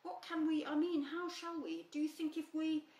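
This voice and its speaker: A woman voicing a simple, kindly teddy bear who talks in a gentle, earnest way. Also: sits high, fairly even intonation, normal speed, voice pushed up, close to an everyday voice. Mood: hesitant. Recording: roomy, slightly distant, faint hum.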